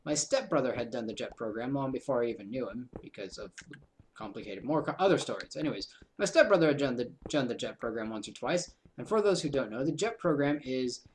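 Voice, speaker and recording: A man's voice: mid-range voice, expressive, brisk, slight background noise. Rambling young man narrating a game. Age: 20s. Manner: rambling, self-mocking asides. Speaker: gaming video host. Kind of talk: casual game commentary.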